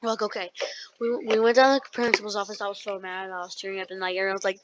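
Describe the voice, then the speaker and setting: A young podcast co-host telling a rambling school story in casual chat, full of likes and ums. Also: female voice, medium pitch, little pitch movement, very fast, slight background noise. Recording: dull lo-fi sound.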